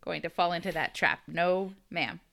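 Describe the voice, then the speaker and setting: A woman's voice: on the low side, fairly even intonation, normal speed, creaky, pushed and bright. An American woman co-hosting a podcast, chatting casually and laughing often as she tells a story. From United States. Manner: giggly, storytelling. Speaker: podcast co-host. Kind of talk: casual chat.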